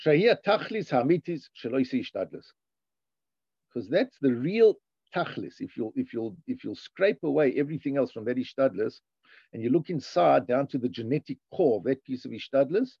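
A man teaches from a text in a gravelly, husky voice. His pitch lifts into a chant on the passages he reads before he drops back to explain them. The recording sounds dry and dull. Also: brisk, dry recording. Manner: animated, sing-song rises on the read passages. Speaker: Torah teacher. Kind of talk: lecture reading a text and translating.

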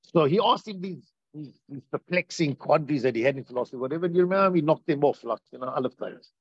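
A man teaching a Torah class as a rabbi, animated and repeating phrases for emphasis. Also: fairly high pitch, fast, slightly rough, dry recording, dull audio. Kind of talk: Torah class on Tisha B'Av.

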